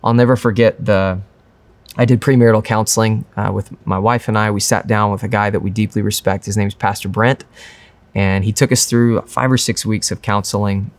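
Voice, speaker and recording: A man's voice: on the low side, steady tone, a little fast. A young man preaching a sermon as pastor, earnest and conversational.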